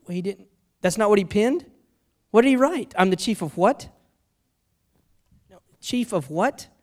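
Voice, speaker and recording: A man's voice: sits high, lively intonation, a little slow. Middle-aged man preaching with personal stories. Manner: personal storytelling, swinging from hushed to loud and urgent. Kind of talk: sermon.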